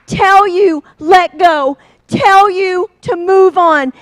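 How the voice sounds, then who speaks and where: Woman, seminar speaker, very high pitch, unhurried, emotional motivational talk. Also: no room sound, rough recording. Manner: slow, heartfelt, rising to emphatic exhortation.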